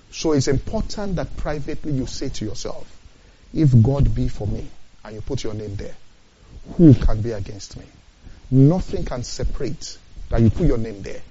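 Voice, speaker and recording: Male preacher, mid-pitched, emphatic, slow scripture quotes, dull lo-fi audio. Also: dark tone, slight background noise. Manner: emphatic, repeats phrases, asks the listeners questions. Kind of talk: sermon.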